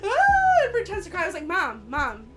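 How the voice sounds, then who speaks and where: Brief: high-pitched woman in her thirties, podcast guest, giggly storyteller, music bed behind. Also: fast. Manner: laughing storyteller, animated retelling. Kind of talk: casual chat.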